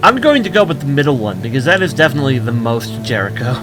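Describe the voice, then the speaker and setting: A man's voice: medium pitch, very animated, fast talker, few pauses, fairly bright tone, soft background music. Tired man commenting on a game. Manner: tired, joking asides. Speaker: let's play host.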